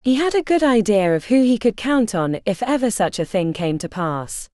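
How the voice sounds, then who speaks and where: A woman narrating a fantasy audiobook in a steady, expressive reading. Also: medium pitch, normal speed, no room sound, clean studio sound.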